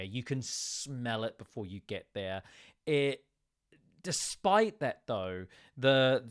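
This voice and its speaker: Game master, male; unhurried, descriptive narration. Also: mid-range voice, clean tone. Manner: slow, descriptive, with many fillers.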